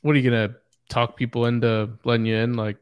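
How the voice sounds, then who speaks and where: Male co-host, smooth resonant voice, measured, keeps the show moving. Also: mid-range voice, little pitch movement. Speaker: podcast co-host. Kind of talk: casual sports chat.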